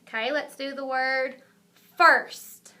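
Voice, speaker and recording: A woman teaching a recorded lesson to kindergarten children, speaking slowly and clearly. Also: sits high, bright, forceful tone. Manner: slow, clear, encouraging teacher talk.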